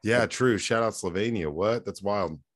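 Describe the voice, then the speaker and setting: A man's voice: fairly low pitch, normal speed, a bit bright. A man co-hosting a podcast, chatting in a laid-back way, swearing and laughing along. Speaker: podcast co-host. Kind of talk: casual chat.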